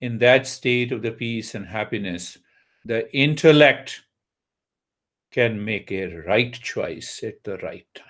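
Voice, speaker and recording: Slow-speaking male meditation teacher. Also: medium pitch, fairly bright tone. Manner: unhurried, asks listeners rhetorical questions. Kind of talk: spiritual talk on meditation.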